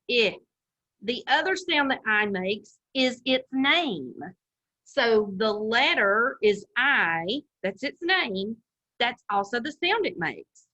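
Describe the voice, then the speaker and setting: Slow, bright-voiced woman teacher. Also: a little high, lo-fi sound. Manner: slow, patient, drawn-out enunciation of sounds. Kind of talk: recorded phonics lesson for young children. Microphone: camera.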